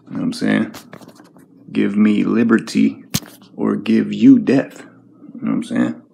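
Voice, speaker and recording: A man delivers a slow, drawn-out rant in a heavily gravelly, fry-laden voice. His talk is profane and confrontational, circling back to the same lines again and again. His voice sits a little low. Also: level tone, mellow, slight background noise. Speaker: vlogger. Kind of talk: angry ranting monologue to camera.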